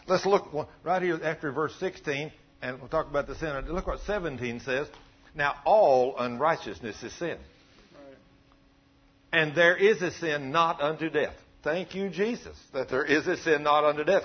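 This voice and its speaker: Husky-voiced folksy preacher man. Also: on the high side, lo-fi sound. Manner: folksy, humorous, drawling. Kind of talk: folksy sermon with storytelling.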